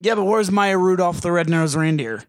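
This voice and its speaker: A man's voice: high-pitched, moderate pace, no echo, clean studio sound. A man co-hosting a comedy podcast, riffing with crude jokes in casual banter. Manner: crude joker, loud riffs. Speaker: podcast co-host. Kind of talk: casual movie-review banter.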